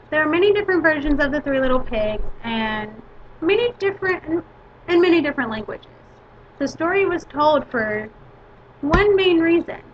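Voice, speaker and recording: High-voiced woman teacher giving a lesson. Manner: measured, step-by-step instruction. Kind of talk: lesson to a class. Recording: dull lo-fi recording with faint hiss.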